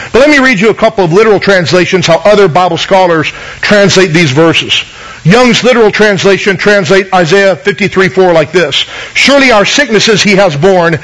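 A man with a high voice preaches a sermon, earnestly teaching and reading scripture aloud. He keeps turning to his listeners with questions. The recording has a radio broadcast sound. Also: fairly bright tone, low-quality recording.

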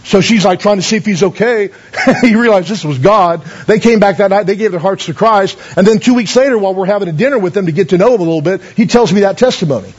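A man's voice: sits high, quick pace, breathy edge, lo-fi sound. A man pastor telling stories in a sermon, folksy, with many fillers and calls of amen. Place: church.

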